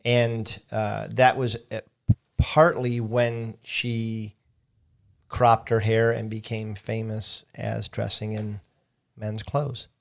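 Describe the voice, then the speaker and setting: Middle-aged man with a lowish voice. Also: gravelly. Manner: relaxed and encouraging, with hesitant pauses and fillers. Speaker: podcast co-host. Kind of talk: casual history discussion.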